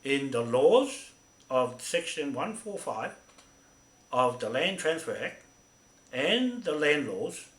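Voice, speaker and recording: A man's voice: fairly high pitch, big pitch swings, slow pace, long pauses, roomy sound. A man giving a rambling, emphatic monologue, repeating himself and tagging lines with "right?". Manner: emphatic, repetitive, with frequent "right?" tags. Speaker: activist speaking to camera.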